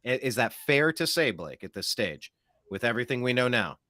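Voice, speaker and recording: Guy hosting a political talk show, bright edgy voice, super dry close mic, ranting and sarcastic. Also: medium pitch, big pitch swings, a little fast, dry recording. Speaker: host.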